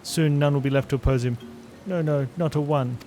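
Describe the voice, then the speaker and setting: A man voicing a nervous little kobold creature that repeats every phrase with three synonyms, reading game dialogue over loud game music. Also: fairly high pitch, steady tone, brisk, close to an everyday voice. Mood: fearful.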